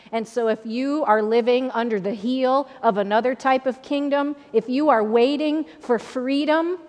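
Long reverb fills the church sanctuary as a woman pastor gives her sermon, conversational and repetitive, in an Upper Midwest American accent. Her voice is fairly high in pitch with a darkish tone.

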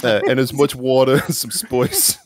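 A man's voice: mid-range voice, steady tone, unhurried. A man on a comedic live stream, reading an old recipe aloud in a hammy fake British accent and breaking into laughter.

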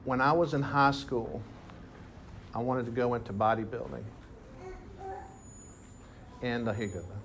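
A man preaching to his congregation, telling his story with lively bursts of emphasis. His voice sits in an ordinary middle range. A faint room hum runs under his words. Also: medium pitch, moderate pace, pauses often. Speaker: pastor. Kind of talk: sermon. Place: church hall with congregation.

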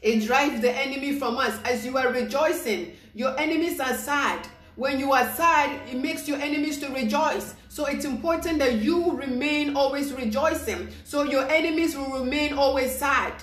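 A woman preaching an informal devotional sermon, excited and repetitive, acting out the people she quotes. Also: sits high, moderate pace, hardly any pauses, echoey room.

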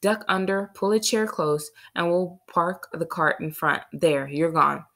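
A woman reading the part of a nervous male librarian who talks in an anxious, hushed whisper. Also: fairly low pitch, fairly even intonation, measured pace, gravelly, exaggerated voice.

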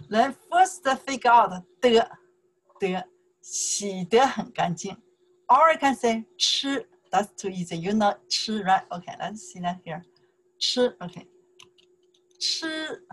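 A woman with a Mandarin Chinese accent teaching a language lesson in English, patiently repeating phrases and checking in with "okay?". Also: mid-range voice.

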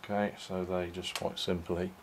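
Male hobbyist, lowish voice, relaxed halting show-and-tell, faint room hiss. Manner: unhurried, halting, many ums and restarts. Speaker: toy reviewer. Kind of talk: casual product walkthrough.

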